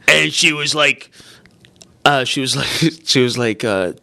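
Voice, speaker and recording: A man's voice: medium pitch, a little slow, gravelly, pushed and bright, clear, resonant tone. A young man hosting a podcast, telling a rambling story in casual chat and laughing along. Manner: rambling, laughs through story, lots of fillers. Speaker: podcast host.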